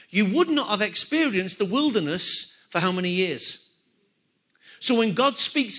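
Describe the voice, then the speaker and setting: Male preacher, high and bright, animated, calls on the congregation. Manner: animated preaching, repeats key phrases, asks the congregation questions. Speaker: pastor. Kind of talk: sermon.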